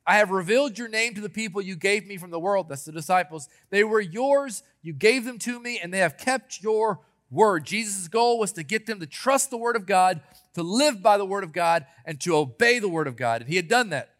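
A man delivers a sermon, his voice sitting noticeably high for a male speaker. He retells scripture stories with earnest, deliberate emphasis. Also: expressive, fairly bright tone. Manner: earnest preaching, quotes scripture, dramatic pauses. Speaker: pastor.

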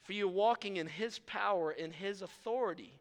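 A man, a pastor, preaching a sermon in a church, telling stories in an animated, self-deprecating way. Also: sits high, normal speed. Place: church sanctuary. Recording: long reverb of a large hall.

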